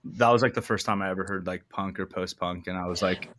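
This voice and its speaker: A man with a low but bright voice talks loosely about his start in music. He fills his sentences with likes and ums. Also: fairly even intonation, fast. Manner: laid-back, many fillers. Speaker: band vocalist. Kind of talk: casual video interview.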